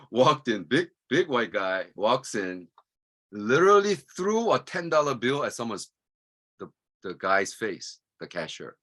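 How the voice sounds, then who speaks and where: A man's voice: mid-range voice, slow. A man in his sixties, originally from Korea, giving a humorous university lecture and chuckling often as he tells stories. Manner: animated, chuckles often while telling stories. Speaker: guest lecturer.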